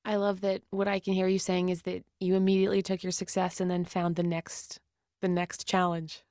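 A woman's voice: fairly low pitch, completely flat delivery, a little fast, a little mellow, no echo, clean studio sound. A woman hosting a podcast who talks in a reflective, wry way and laughs easily. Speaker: podcast host. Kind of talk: interview chat and reflective narration.

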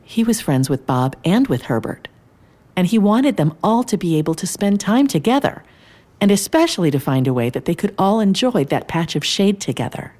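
A woman playing a gentle grandmother who tells a bedtime-style story to a child in an audio drama. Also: mid-range voice, very animated, normal speed. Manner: gentle, warm-toned storytelling.

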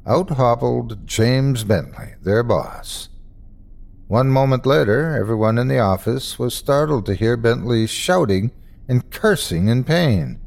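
A man hosting and narrating a horror story, reading in an expressive, dramatic storyteller's way. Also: mid-range voice, unhurried, gravelly. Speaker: host and narrator.

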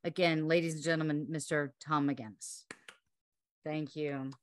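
Effusive woman host with a low voice. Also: steady tone, unhurried. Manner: effusive and thankful. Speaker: podcast host. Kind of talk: casual podcast chat.

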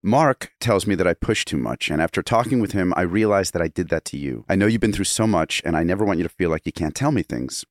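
A man with a very deep voice, recorded dry and close with no room sound. He jokes playfully as a podcast guest and reads a text aloud. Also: animated, fast talker, hardly any pauses, dry recording. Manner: playful, joking. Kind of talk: casual podcast chat and dramatic reading.

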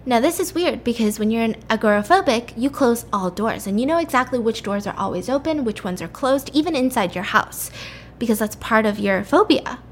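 A woman's voice: a little high, expressive, a little fast, slight background noise. A young adult woman chattily recapping a story and leaning on "like" as she goes. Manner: chatty, uses "like" often.

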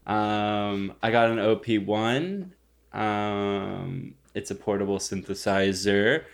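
A man's voice: on the low side, slow pace, gravelly. A young man hosting a casual podcast chat, crude and teasing as he jokes around with his co-hosts. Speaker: podcast host.

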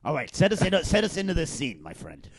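A man's voice: on the high side, huge pitch swings, fast talker, no room sound. A man cohosting an improv comedy chat, talking in conspiratorial, swaggering banter.

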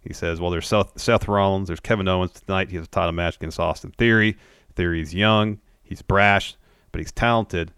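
A man with a very deep voice co-hosting a casual recap chat. He retells events steadily and plainly, and the recording is dry and close, with no room sound. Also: steady tone, moderate pace, fairly bright tone, clear, resonant tone, dry recording. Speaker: podcast co-host.

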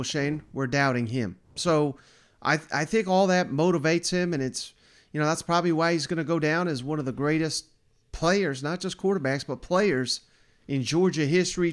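A man hosting a sports podcast, chatting casually and poking fun at his own bad predictions. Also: fairly high pitch. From Southern United States. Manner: self-mocking, conversational. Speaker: podcast host.

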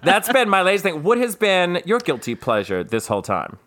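A man hosting a podcast, chatting casually with animated, profane storytelling. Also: sits high, a little fast. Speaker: podcast host. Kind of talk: casual chat.

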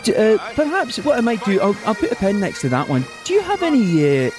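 A man's voice: sits high, wildly swooping pitch, fairly quick, music in the background, pitched above the performer's own voice. A man putting on a polite Scottish council man. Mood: earnest, polite. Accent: Scottish put-on. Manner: hesitant, apologetic, many fillers. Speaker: radio host doing a prank call.

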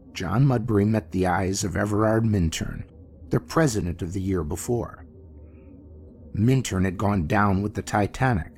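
A man narrating a classic horror story in an expressive, theatrical manner. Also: fairly low pitch. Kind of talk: dramatic horror story reading. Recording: faint music bed behind.

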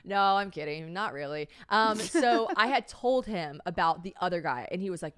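A woman hosting a casual podcast chat, telling stories in an animated way and swearing freely. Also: fairly low pitch, normal speed, hardly any pauses, smooth. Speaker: podcast host.

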